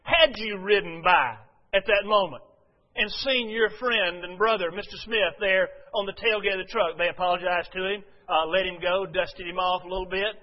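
A man preaching a sermon as a pastor. He tells a story to the congregation, addresses them directly, and fills his pauses with frequent "uh"s. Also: high-pitched. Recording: dull, reverberant hall recording.

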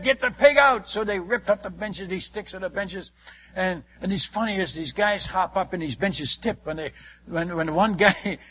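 A man with a high, slightly husky voice spins a rambling missionary anecdote, full of exclamations and false starts. The recording is dull and lo-fi, as if from an old tape. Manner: lively, exclamatory, many restarts. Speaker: missionary preacher. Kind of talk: anecdotal storytelling to a listener.

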